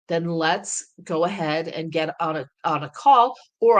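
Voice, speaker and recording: Woman coach, low-ish voice, upbeat persuasive teaching tone. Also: measured pace. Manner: talks through sample scripts, energetic and persuasive. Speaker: sales coach. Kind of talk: coaching lesson.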